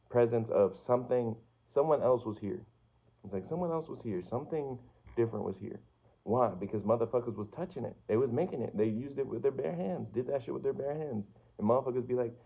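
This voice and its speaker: A young man musing aloud in a casual, profane monologue, tossing out rhetorical questions and answering them himself. His voice is mellow and relaxed, neither high nor low. The recording sounds a little dull and lo-fi. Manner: slangy and profane, asks rhetorical questions, repeats "you feel me". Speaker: vlogger. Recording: slightly muffled lo-fi recording.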